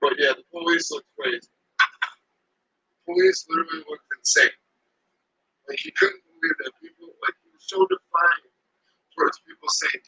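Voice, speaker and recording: Man, husky voice, very sharp and tense, lively pitch, profane, rambling rant. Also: fairly quick, rough recording. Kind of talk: casual rant to camera.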